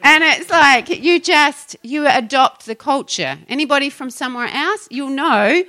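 A woman's voice: high voice, expressive, unhurried, sharp tone. A middle-aged woman pastor with a New Zealand accent, talking casually and chattily, often laughing and trailing off mid-sentence. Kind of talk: casual Christian podcast talk.

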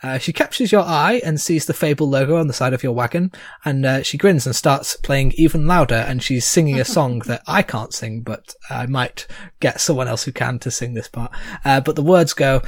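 A man narrating a tabletop game as game master, hesitant, with many pauses. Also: medium pitch, dry recording. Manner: hesitant, full of "uh"s.

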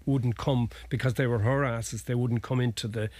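A man's voice: medium pitch, fairly even intonation, fairly quick, a little mellow, no echo. Irish male lawyer, chatty and meandering, very dry close sound. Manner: rambling, restarts, folksy asides. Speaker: family lawyer guest. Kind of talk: conversational legal explanation.

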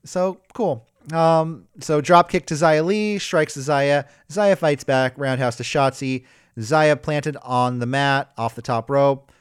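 A man's voice: slow pace, clear, resonant tone, no echo, clean studio sound. A man co-hosting a casual wrestling podcast, recapping matches in a loose, swearing, joking way. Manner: animated, loose, swears, mocks wrestlers in high shouted voices.

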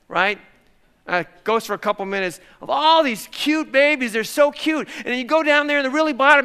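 A middle-aged man preaching a sermon, animated, dropping to hushed tones and then rising to loud exclamations. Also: very high voice, a little fast, clean tone. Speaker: pastor.

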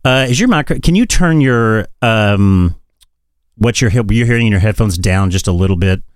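A man's voice: lowish voice, lively intonation, moderate pace, clear, resonant tone, no room sound. Profane, ranting male podcast host. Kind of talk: casual chat. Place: London home studio.

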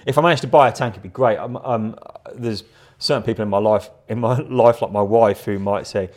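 The guest on this live interview is a middle-aged artist who chats in a meandering way, with lots of laughter and repeated words. He speaks briskly in a fairly low, slightly mellow voice.

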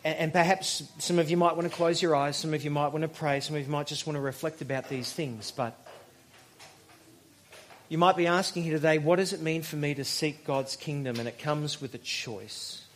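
Male pastor, conversational sermon delivery, storyteller, a little higher-pitched than most men. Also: slight background noise. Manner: conversational, storytelling, with emphatic pauses.

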